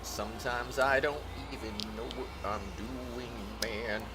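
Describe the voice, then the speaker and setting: A man's voice: medium pitch, fairly even intonation, measured pace, heavy background noise. A man streaming a video game, chatting in a rambling, goofy way and humming along. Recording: voice over loud game music.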